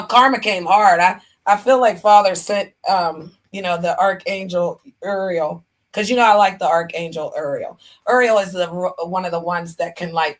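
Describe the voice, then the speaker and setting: Brief: bright, sassy woman streamer preaching to her chat, emphatic, honey-this honey-that. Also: medium pitch. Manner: talks straight to her chat. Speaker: livestream host. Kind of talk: casual livestream monologue with preaching.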